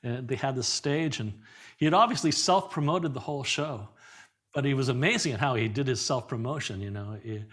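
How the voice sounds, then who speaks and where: A middle-aged man with a mid-pitched voice, recounting stories as a podcast guest. He talks in a loose, animated way, doubling back on words and laughing as he goes. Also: brisk, slightly rough. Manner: lively anecdotes, repeats words, laughs often. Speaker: guest performer. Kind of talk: conversational storytelling in an interview.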